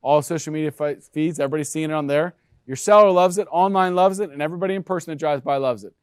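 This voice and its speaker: A man giving an energetic sales presentation to real estate agents, checking in with the room with frequent questions. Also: a little high, fast talker, smooth, dry recording, studio quality. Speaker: brokerage presenter.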